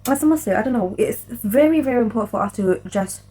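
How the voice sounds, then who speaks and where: A woman's voice: fairly high pitch, lively intonation, fast talker, dark tone, slightly rough, poor audio. A young woman, talking casually to her viewers in a chatty, giggly, apologetic way. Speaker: vlogger. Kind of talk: casual chat to camera, reading messages aloud.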